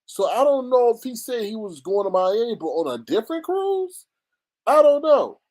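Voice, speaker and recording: A man doing casual gossip commentary on a livestream, reading chat and talking in an animated, dramatic way with frequent laughter. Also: very high voice, normal speed.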